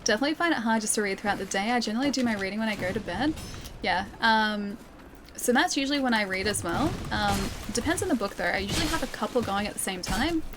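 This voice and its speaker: A woman's voice: medium pitch, expressive, fast talker, background noise. An Australian woman streaming a game from her living room, chatting and laughing often as she answers viewer comments. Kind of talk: live gameplay stream, chatting with chat.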